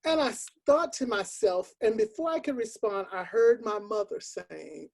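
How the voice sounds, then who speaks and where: An older woman, a choral music professor, telling a personal story on a video call, halting and earnest with many ums. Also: fairly high pitch, expressive, vocal fry, a little mellow.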